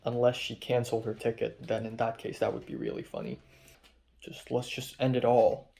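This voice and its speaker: A man's voice: mid-range voice, lively intonation, normal speed, creaky, dark tone. A young man recording a diary-style vlog, rambling and frustrated, swearing often as he retells an argument. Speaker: vlogger.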